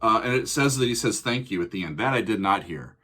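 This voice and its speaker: A man's voice: fairly low pitch, lively intonation, fairly quick, pushed and bright, slightly rough. A man, hosting a casual music reaction video, chatty and joking, often laughing.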